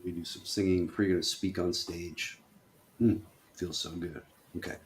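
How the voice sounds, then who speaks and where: A man's voice: low voice, moderate pace, slight background noise. A man teaching movement exercises in a loose, profane way, talking learners through each step. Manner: loose and profane, acts out worry and whooping excitement. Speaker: movement instructor. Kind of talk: guided exercise instruction. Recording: echoey room, voice from off-mic.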